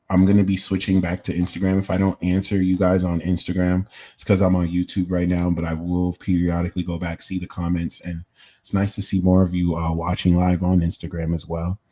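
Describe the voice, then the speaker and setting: A man's voice: sits low, little pitch movement, moderate pace, warm tone. A man hosting a live-streamed tarot reading, talking casually and chatting with viewers between readings. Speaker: tarot reader and host.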